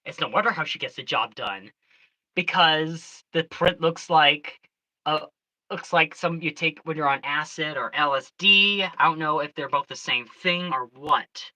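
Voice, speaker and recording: A storyteller chatting casually on a livestream, excitable and rambling, often restarting sentences. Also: mid-range voice, measured pace, low-quality recording.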